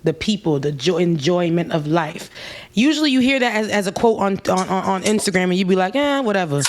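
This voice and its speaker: A woman co-hosting a casual chat, telling a lively story and mimicking the people in it. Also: brisk. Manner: animated, mimics people with raised pitch. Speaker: co-host.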